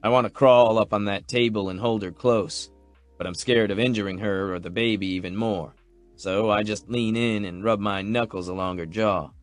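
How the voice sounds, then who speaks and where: A man's voice: fairly low pitch, fairly even intonation, moderate pace, no echo, soft background music. A man narrating a first-person romance audiobook in a tender, earnest, protective way.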